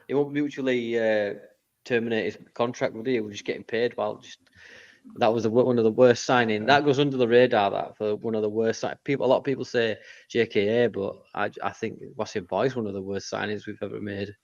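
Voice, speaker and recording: A young man in a casual football chat, animated and swearing freely. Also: lowish voice, brisk, highs cut off. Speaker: podcast co-host.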